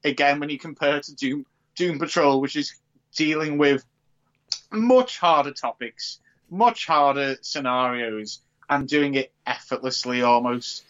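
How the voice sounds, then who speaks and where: A man co-hosting a podcast in casual chat, animated and swearing freely. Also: mid-range voice, unhurried. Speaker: podcast co-host. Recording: dull lo-fi recording.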